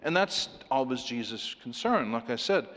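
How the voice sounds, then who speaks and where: A man preaching a sermon, animated and playful, acting out the voices of people in his story with laughs. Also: medium pitch, normal speed. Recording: long hall reverb.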